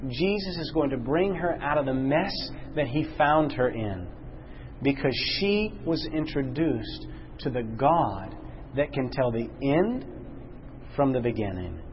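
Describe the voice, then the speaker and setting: A man leading a Bible study class, questioning his listeners and slowing down and dropping low to stress a point. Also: lively intonation, lo-fi sound, a little hiss or hum. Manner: questions the class, slows and drops low for emphasis.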